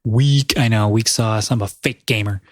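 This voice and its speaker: A man's voice: fairly low pitch, little pitch movement, normal speed, dry recording. Chatty man with a dry close sound. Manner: rambling, self-correcting, chatty storyteller. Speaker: podcast host. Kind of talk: casual chat.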